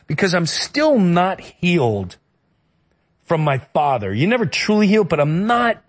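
A man's voice: high voice, very animated, normal speed. A middle-aged man from the New York area telling a personal story in a conversation, earnest and emotional, often stopping and restarting his sentences. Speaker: guest.

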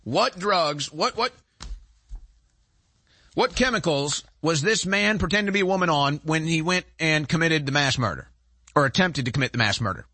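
A man ranting through a political commentary monologue in a high, bright, forceful voice. He sounds indignant and hammers one rhetorical question after another. The recording is dry and close, with no room sound. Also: animated, moderate pace, no room sound. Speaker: show host.

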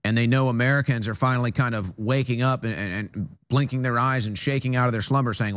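Man, talk show host, studio monologue, emphatic, repeats himself, medium pitch. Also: steady tone, fast talker, fairly bright tone. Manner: emphatic, repetitive, stammering restarts.

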